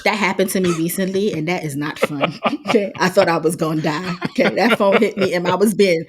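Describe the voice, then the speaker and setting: A woman hosts a casual podcast with a slightly low pitch. She tells stories in an expressive, conversational way and often laughs mid-sentence. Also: fairly quick. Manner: expressive storyteller, laughs while talking. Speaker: podcast host. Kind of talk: casual chat.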